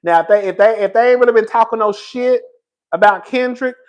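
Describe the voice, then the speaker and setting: High-voiced man dishing campy gossip. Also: brisk, highs cut off. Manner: animated, loud laughing, slangy and campy. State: out of breath. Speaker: host. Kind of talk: casual gossip commentary.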